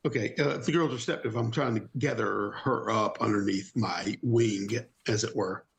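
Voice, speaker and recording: A man's voice: lowish voice, normal speed, vocal fry. A man playing a tabletop role-playing game, describing his character's actions in the first person. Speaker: player.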